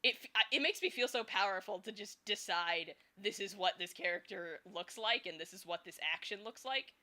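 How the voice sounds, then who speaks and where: A young woman with a mid-range, bright voice speaks briskly in a forceful tone. As a streamer and fan artist, she chats casually and thinks out loud while drawing, giggling often between fillers.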